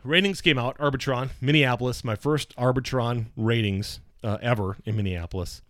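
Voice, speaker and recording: A man who works as a radio personality, telling stories in casual conversation in an animated way, swearing now and then and acting out the people he quotes. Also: mid-range voice, moderate pace, no room sound, studio quality.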